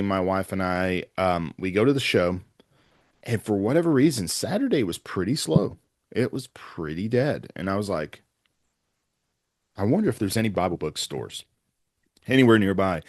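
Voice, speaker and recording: Earnest low-voiced pastor telling stories. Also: male voice, no echo, studio quality. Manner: earnest, rambling anecdotes with quoted dialogue. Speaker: pastor and evangelist. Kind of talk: storytelling in a podcast interview.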